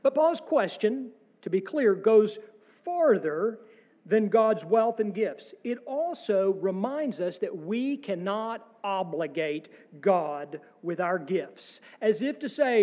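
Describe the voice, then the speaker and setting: A male pastor preaching a sermon in a church, posing measured rhetorical questions with wry asides. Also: high-pitched, animated, warm tone. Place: church sanctuary. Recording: long church reverb.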